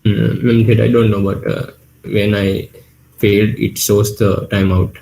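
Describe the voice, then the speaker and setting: A man's voice: lowish voice, flat delivery, a little slow, vocal fry, mellow, roomy sound, low-quality recording. A young man answering a teacher's exam questions hesitantly over a video call, unsure of his answers. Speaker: student in an oral exam.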